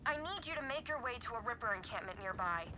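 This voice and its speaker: Cast a woman as a wry game mission handler, high and lively, over game noise. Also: fast talker, natural voice. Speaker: game character giving orders. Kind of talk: video game voice acting. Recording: game audio with background noise.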